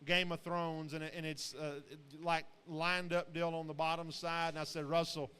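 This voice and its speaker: A man's voice: on the high side, level tone, moderate pace, sharp tone, smooth. Folksy man in an echoing sale barn. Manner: rambling, folksy, frequent fillers and restarts. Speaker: livestock sale commentator. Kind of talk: live auction commentary on show pigs. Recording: long echo of a large hall.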